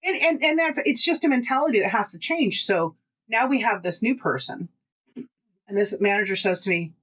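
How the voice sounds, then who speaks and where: A woman with a Pacific Northwest American accent, co-hosting a podcast in casual chat and telling stories with lively quoted dialogue. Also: on the high side, fairly quick, lo-fi sound. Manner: chatty storytelling, animated quoted dialogue. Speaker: podcast co-host.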